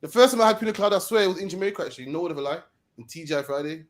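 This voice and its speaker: A man talks fast and banters easily. His voice sits a bit high, and he rattles through his jokes. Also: expressive. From England. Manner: quick, bantering. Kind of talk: casual chat.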